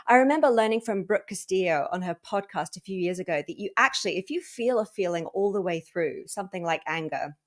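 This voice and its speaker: A woman hosting a wellness podcast in a casual conversational way, acting out her own inner thoughts with lively emphasis. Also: on the low side, brisk, hardly any pauses. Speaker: podcast host.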